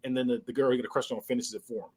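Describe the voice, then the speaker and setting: A man co-hosting a podcast, casually retelling a movie scene by scene and acting out the characters' lines with lively voice changes. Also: mid-range voice, racing, husky. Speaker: podcast co-host. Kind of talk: casual movie recap chat.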